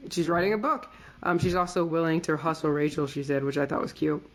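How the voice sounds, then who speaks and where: Chatty woman podcast co-host, lowish voice. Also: brisk. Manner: chatty, lots of fillers, quotes characters in playful voices. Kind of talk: casual recap chat.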